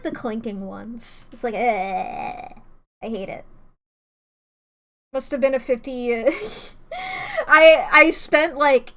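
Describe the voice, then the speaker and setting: A woman's voice: high voice, fairly bright tone. A woman streamer chatting casually with her audience, playful and rambling, often laughing and eating a snack between sentences. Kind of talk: casual live-stream chat. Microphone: desk microphone.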